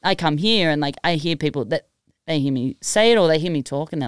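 A woman's voice: sits low, fast, clean tone, no room sound, studio quality. A woman with an Australian accent chatting casually on a podcast, giggly and full of fillers. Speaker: music producer, podcast guest.

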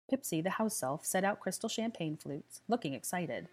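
Woman narrating a story, low voice. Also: lively intonation, fairly quick, few pauses, a little mellow. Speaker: audiobook reader. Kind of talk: scripted narration.

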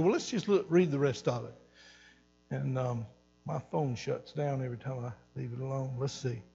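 A male pastor preaching a sermon, animated, repeating phrases and swelling loud for emphasis. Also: mid-range voice, moderate pace, gravelly, husky, big-room sound, lo-fi sound. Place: church sanctuary.

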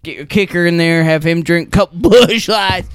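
A man's voice: on the high side, moderate pace, smooth, no room sound, studio quality, natural voice. A man playing a drunk, crude football coach who rambles and swears heavily at a mock press conference. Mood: rambling. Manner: rambling, stumbling, heavy swearing. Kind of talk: improvised comedy sketch.

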